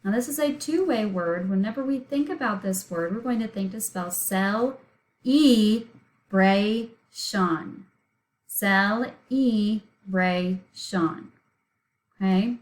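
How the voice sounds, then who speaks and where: A woman's voice: medium pitch, brisk, few pauses, darkish tone, low-quality recording. A woman teaching a recorded spelling lesson, patiently sounding out words letter by letter and syllable by syllable.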